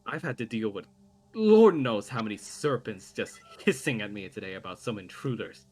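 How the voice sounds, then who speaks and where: A man voicing an impatient, sharp-tongued old witch woman who talks in a sneering, dismissive way. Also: lowish voice, animated, moderate pace, slightly rough, faint music behind. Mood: scornful.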